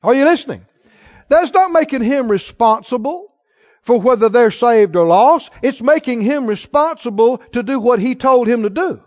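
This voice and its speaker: A man preaching a sermon, telling folksy stories and delivering points with emphasis, quoting the Lord in a lower, sterner tone. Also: lively intonation, normal speed, a little mellow, no echo, dull audio. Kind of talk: sermon with storytelling.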